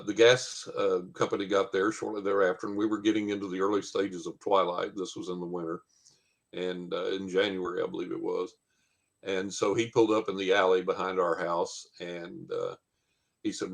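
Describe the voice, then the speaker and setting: A man tells a long anecdote in a fairly low voice. He rambles along with many "uh"s and acts out what other people said. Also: vocal fry. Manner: rambling anecdote with many fillers and quoted dialogue. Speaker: guest storyteller. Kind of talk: casual storytelling.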